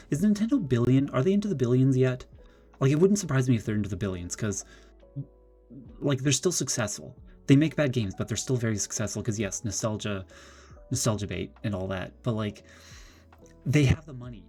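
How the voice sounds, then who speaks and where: A man streaming live, ranting in an animated, exasperated way and often restarting his sentences. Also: mid-range voice. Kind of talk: casual live-stream commentary.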